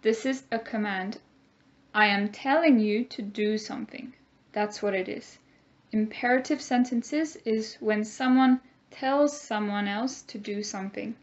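Slow, deliberate female teacher. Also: medium pitch, lo-fi sound. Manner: slow, clear teacher talk with call-and-repeat drills. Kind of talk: recorded classroom grammar lesson.

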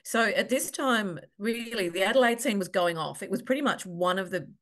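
A woman's voice: mid-range voice, lively intonation, moderate pace, fairly bright tone. An Australian woman interviewing a guest, giving context in a thoughtful, explanatory way with frequent restarts. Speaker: interviewer, researcher.

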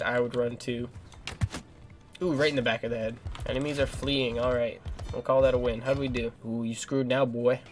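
Young guy narrating his game run, mid-pitched, loud and sweary when things go wrong. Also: a little hiss or hum. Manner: excitable, swears a lot, yells at enemies. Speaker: gaming channel host. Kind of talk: let's play commentary.

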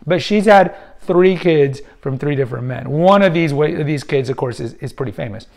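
A man's voice: a little high, expressive, moderate pace, vocal fry, a little mellow. Opinionated man rambling about films. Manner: opinionated, rambling with many restarts and fillers. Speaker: podcast host. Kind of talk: casual film commentary.

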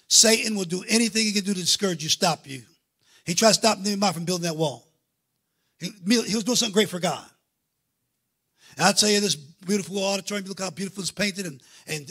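A man preaching a sermon as pastor, swinging from quiet asides to loud fervent preaching. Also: fairly high pitch, slightly rough. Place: church auditorium.

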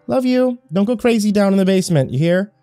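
A man's voice: high voice, animated, fast, warm tone, faint music behind, voice pushed up. Man voicing a teasing young wife.

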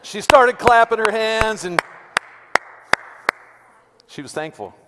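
A man's voice: high-pitched, animated, slow, very noisy. A male pastor preaching a sermon in a conversational, joking way, often repeating words. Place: church sanctuary. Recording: long church reverb.

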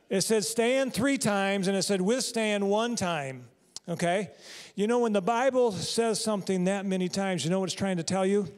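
Male pastor, higher voice, chatty sermon delivery that pulls answers from the congregation. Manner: conversational, quizzes the congregation. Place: church sanctuary.

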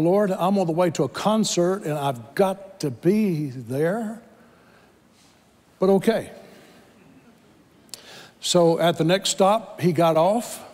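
A man's voice: high-pitched, a little mellow, long reverb tail. A man preaching a sermon, telling a story dramatically and acting out the voices in it. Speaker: pastor. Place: church sanctuary.

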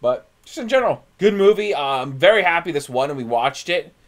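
A man's voice: a little high, expressive, brisk. A young man co-hosting a movie reaction, chatting casually and enthusiastically with laid-back slang. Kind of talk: casual chat.

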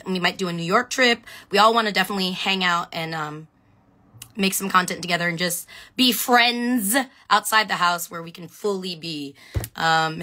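A woman chatting excitedly on a phone live stream, answering viewer questions and shouting out fans. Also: medium pitch. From Filipino background. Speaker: reality show contestant on a live stream.

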